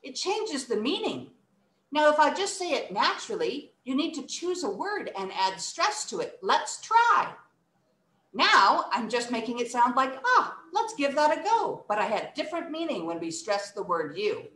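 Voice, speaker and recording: A woman's voice: a little high, sing-song, normal speed, a bit bright, echoey room. A woman teaching an English workshop, speaking expressively and acting out emotions and word stress. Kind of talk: online English lesson for children.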